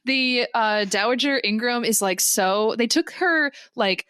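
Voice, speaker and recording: A woman co-hosting a podcast, chatting casually and laughing often, with quick asides. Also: on the high side, a bit bright, smooth, no echo. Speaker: podcast co-host. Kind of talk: casual chat.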